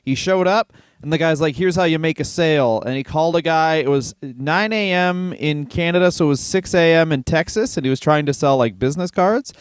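A man in his thirties co-hosting a comedy podcast from his garage, telling stories in an animated way and acting out the people in them. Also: a little high, a little fast, hardly any pauses, clean tone, no echo. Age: 30s. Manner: animated storyteller doing voices. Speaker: podcast co-host. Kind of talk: casual comedic storytelling.

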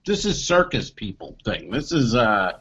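A man in casual chat, telling an animated story, repeating lines for emphasis and swearing freely. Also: mid-range voice, a little slow, husky. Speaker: podcast co-host telling a story. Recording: slightly dull, lo-fi sound.

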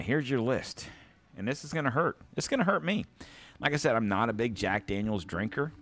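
A man hosting a podcast, ranting casually and profanely, swinging between loud outbursts and low mutters. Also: no room sound. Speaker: podcast host.

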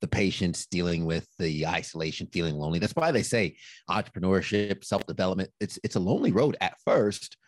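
Deep-voiced male podcast host. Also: brisk, dry recording. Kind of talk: podcast conversation.

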